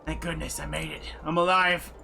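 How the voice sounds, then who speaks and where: A man's voice: on the high side, little pitch movement, fairly quick, vocal fry, bright, forceful tone, a little hiss or hum, exaggerated voice. A man voicing a panicky, frightened man who stammers frantically. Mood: panicked.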